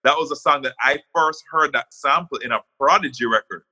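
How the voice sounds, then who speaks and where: A man from Jamaica, a guest on a podcast, telling stories in an animated way and often restarting his words. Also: medium pitch, brisk, slightly rough. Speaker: guest, music manager. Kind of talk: casual storytelling on a podcast.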